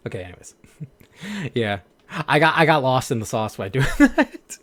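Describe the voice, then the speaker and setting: A man's voice: medium pitch, sing-song, unhurried, long pauses, fairly bright tone. Rambling young man chatting casually. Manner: rambling, heavy use of "like", laughs at himself. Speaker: voice actor streamer. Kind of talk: casual chat.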